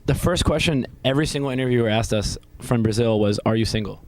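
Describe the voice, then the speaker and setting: A young man in his twenties, a band member cracking deadpan jokes in a backstage interview. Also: medium pitch, fast. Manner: deadpan wisecracks. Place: backstage at a music venue.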